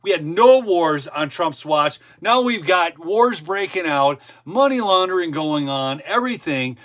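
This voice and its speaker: A man with a high, bright, forceful voice hosts a casual political livestream, ranting emphatically and repeating his points. He keeps tossing in "okay?" asides and interrupting himself.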